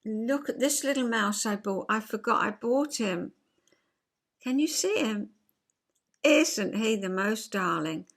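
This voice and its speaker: A woman's voice: a little high, expressive, slow pace. An older woman from England chatting to camera in a rambling, enthusiastic way, laughing now and then. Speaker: vlogger. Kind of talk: casual chat to camera.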